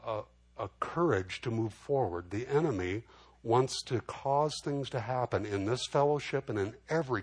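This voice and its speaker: A man's voice: lowish voice, slightly rough. A man preaching a sermon in a conversational way, often restarting and repeating words. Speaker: pastor.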